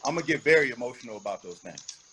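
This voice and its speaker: A man's voice: medium pitch, animated, very fast, bright, forceful tone, slight background noise, poor audio. A man giving an interview as a rapper, talking bluntly and emphatically, with frequent profanity. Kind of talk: candid interview talk.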